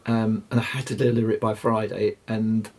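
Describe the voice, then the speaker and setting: An older man, telling rambling fishing stories as a guest, halting and restarting often. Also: fairly low pitch, flat delivery, darkish tone. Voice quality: gravelly, husky. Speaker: guest angler. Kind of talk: anecdotal storytelling.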